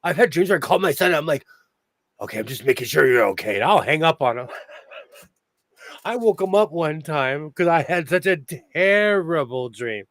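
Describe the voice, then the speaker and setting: A man's voice: fairly high pitch, animated, moderate pace, fairly bright tone, no echo. A man with a Minnesotan-sounding accent hosting a sewing channel livestream from his home sewing room, a chatty storyteller who laughs often. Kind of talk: casual livestream chat.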